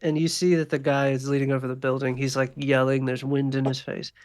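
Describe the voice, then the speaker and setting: A man's voice: mid-range voice, little pitch movement, a little fast, few pauses, a little mellow. A man running a tabletop game as game master, narrating in a casual, rambling way with lots of fillers.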